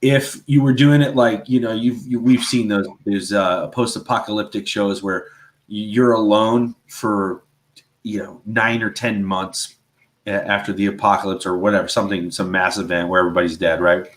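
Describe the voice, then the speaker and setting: A man's voice: on the low side, steady tone, moderate pace. A man co-hosting a casual faith talk show, speaking earnestly and rambling, with a constant "right?" and "you know". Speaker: podcast co-host.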